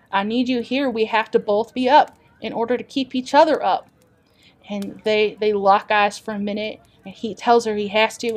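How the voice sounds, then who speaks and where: A woman plays a folksy traveler with a homespun drawl who tells stories with real drama. The voice sits at an ordinary middle pitch. It is improvised tabletop role-play, loose and conversational. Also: close to an everyday voice. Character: folksy traveling adventurer telling tales. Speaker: player character storyteller.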